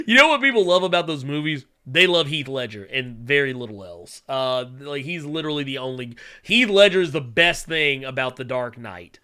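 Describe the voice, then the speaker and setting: A man's voice: medium pitch, expressive, normal speed, few pauses, bright, forceful tone, clean tone. A man hosting a casual solo show, rambling with many fillers, humming while he reads viewer chat and turning blunt and profane when he rants. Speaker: podcast host.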